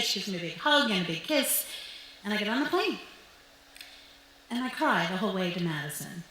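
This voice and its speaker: A woman's voice: mid-range voice, expressive, a little fast, pauses often, bright, forceful tone. A young woman tells a true story live on a club stage into a microphone, with wry comic timing and an upbeat manner. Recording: heavily echoing club, faint hiss.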